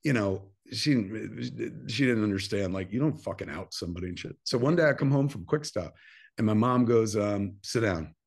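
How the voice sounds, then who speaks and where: His voice is gravelly and fairly low, his pace normal. He's a New Jersey filmmaker in his fifties, a guest in a laid-back interview, telling a long personal story while swearing freely and bursting into animated renditions of quoted dialogue.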